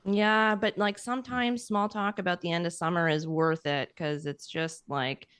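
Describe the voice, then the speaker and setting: A woman's voice: on the low side, steady tone, moderate pace, fairly bright tone, clear, resonant tone, dry recording. A Canadian woman co-hosting a podcast, running through headlines in a chatty way with lots of ums and likes. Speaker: podcast co-host. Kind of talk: casual news chat.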